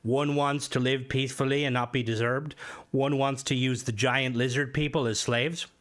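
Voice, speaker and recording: A male game streamer talks loosely to his chat at a middling pitch, stumbling through fillers and restarts. He swears freely, and his voice jumps up sharply when something riles him. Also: fairly even intonation, normal speed, a bit bright. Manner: rambling and profane, many fillers, jumps up in pitch when worked up. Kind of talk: casual live-stream chat.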